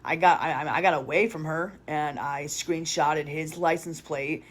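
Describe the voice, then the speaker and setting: Woman, confessional vlogger; flat, even delivery, rambling and blunt. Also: low-pitched, a little slow. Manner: rambling with many restarts and fillers; blunt, swears casually. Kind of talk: confessional storytelling.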